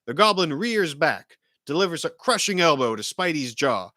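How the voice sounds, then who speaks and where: A man hosting a show, reading an action film script aloud in a vivid, energetic narrating manner. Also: fairly high pitch, moderate pace, dry recording, studio quality.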